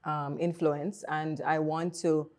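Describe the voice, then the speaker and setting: A woman's voice: low voice, level tone, slow, a little mellow. A woman from Jamaica with a Jamaican accent, a poet explaining her work in a casual interview. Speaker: poet guest.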